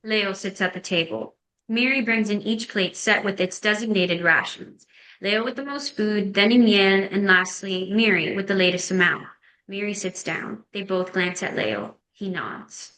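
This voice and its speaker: Woman narrator, screenplay action lines, crisp bright tone, roomy echo. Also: medium pitch, a little slow. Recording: echoey room.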